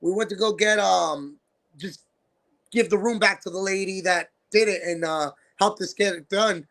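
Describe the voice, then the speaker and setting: High, bright-voiced male podcast host. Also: moderate pace. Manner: animated, acts out voices of people in his stories. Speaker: podcast host and wrestling promoter. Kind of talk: casual storytelling chat.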